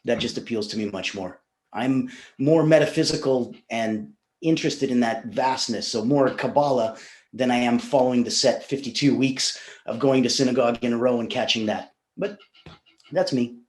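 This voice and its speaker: A chatty man tells stories at an easy, mid-pitched register and laughs often. His voice rings in a roomy, echoing space. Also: normal speed, a little mellow. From Russia, raised in Canada. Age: 40s. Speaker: podcast guest. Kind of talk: casual interview chat. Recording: roomy echo.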